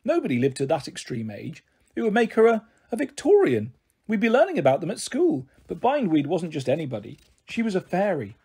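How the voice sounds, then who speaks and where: A man reading a children's book aloud as a storyteller, in an expressive, animated way. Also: sits high, a little fast, husky.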